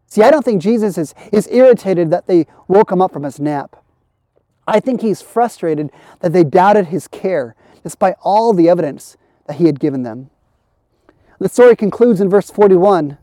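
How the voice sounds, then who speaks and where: Pastor preaching online, warm mellow voice, dry close sound, earnest, keeps repeating lines to build. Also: medium pitch, animated, moderate pace, no room sound. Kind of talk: sermon. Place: online church service.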